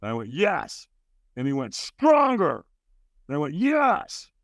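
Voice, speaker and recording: A man telling a personal story as a podcast guest, acting out the other people's lines with big leaps in pitch. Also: animated, a little fast, no echo. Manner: acts out dialogue with big jumps in pitch. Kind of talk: animated storytelling.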